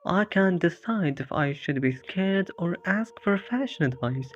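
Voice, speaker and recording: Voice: medium pitch, animated, unhurried, lightly acted. A narrator voicing a sarcastic bewildered horror hero. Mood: flustered. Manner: sarcastic, self-mocking quips. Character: wisecracking bewildered male hero lost in a horror town. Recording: dull lo-fi with faint music.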